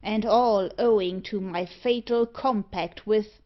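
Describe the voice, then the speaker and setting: A woman's voice: mid-range voice, slow pace, highs cut off, natural voice. A woman reading the part of a nervous, superstitious male dog fancier. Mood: uneasy.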